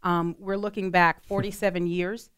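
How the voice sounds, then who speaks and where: A woman's voice: fairly low pitch, level tone, moderate pace. A woman co-hosting a radio talk show, chatting earnestly with plenty of fillers. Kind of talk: casual talk radio chat.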